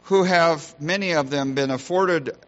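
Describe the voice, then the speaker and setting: A man's voice: on the high side, a little slow, muffled recording. A man preaching a sermon in an earnest manner, asking his listeners questions and giving each point weight. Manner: earnest preaching, varied emphasis, rhetorical questions. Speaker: pastor.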